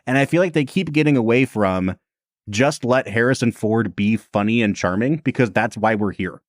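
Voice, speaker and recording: A man co-hosting a casual film review podcast, animated and quick to laugh. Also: medium pitch, no echo, clean studio sound. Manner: animated, laughs often, puts on quoted voices. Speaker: podcast co-host.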